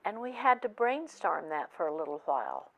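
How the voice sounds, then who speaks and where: A woman's voice: on the low side, sing-song, creaky, phone-quality sound. An older woman giving a storytelling lesson about feelings, in an earnest manner as a family counselor. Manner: slow, earnest, retelling with quoted dialogue.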